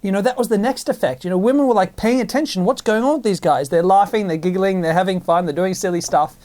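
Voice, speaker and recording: A man, possibly, telling stories in a casual monologue, animated and full of restarts. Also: high-pitched, fast. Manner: animated storytelling with many restarts.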